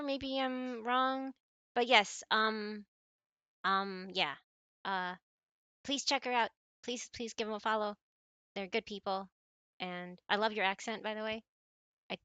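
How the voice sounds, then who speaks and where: American girl streamer just rambling to chat, bright voice, dry close mic. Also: medium pitch, dry recording. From United States. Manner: rambling, chatty, often restarts and self-corrects. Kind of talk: casual gaming stream chat.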